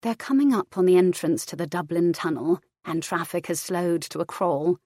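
A woman narrating fiction aloud in a measured, even storytelling manner. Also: fairly low pitch, breathy edge, dry recording, studio quality. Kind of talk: audiobook fiction reading.

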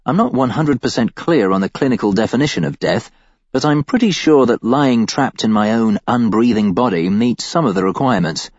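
A man narrating a first-person audiobook with a wry, deadpan delivery. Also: mid-range voice, fairly quick, no echo, lo-fi sound.

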